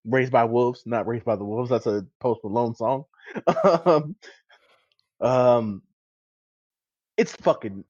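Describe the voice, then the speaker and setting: A man in casual podcast chat, talking in an animated, profane way and laughing often. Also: medium pitch, slow pace, pauses often, no room sound. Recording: dry, dull lo-fi mic.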